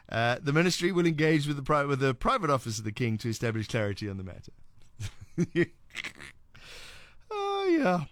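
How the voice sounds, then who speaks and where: Wry South African radio host, dry studio sound. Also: male voice, medium pitch, a bit bright, no room sound. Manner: wry, sarcastic, chatty with restarts. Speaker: radio talk show host. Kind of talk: casual late-night radio chat. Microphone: studio microphone.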